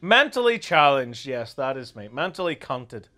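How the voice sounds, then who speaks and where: A young Irish man hosting a casual, crude commentary chat, animated and laughing often. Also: medium pitch, moderate pace. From Ireland. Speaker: commentary host.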